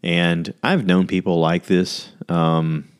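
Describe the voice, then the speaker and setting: A man with a very low voice talks through a casual podcast monologue. He rambles from story to story and jumps into high, goofy voices when he quotes people. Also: steady tone, slow, clear, resonant tone. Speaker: podcast host.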